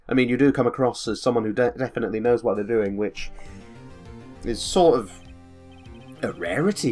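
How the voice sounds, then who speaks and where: A man giving sardonic, rambling let's-play commentary with frequent swearing. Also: medium pitch. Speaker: game commentator.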